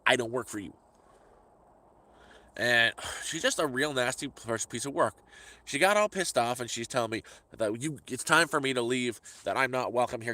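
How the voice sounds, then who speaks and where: A man's voice: mid-range voice, moderate pace, bright, forceful tone. A middle-aged man telling a story in a casual vlog, exasperated and ranting, often repeating words as he talks into a phone he holds. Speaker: vlogger. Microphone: phone held by hand.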